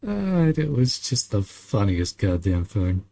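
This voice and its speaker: A relaxed young man from Australia talks with his viewers over a game. His voice sits on the low side, and his easy, rambling delivery is dotted with chuckles and the odd casual swear. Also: slow pace, gravelly, dry recording. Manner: laid-back, chuckles often, swears casually. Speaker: streamer chatting with viewers while gaming. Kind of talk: casual chat.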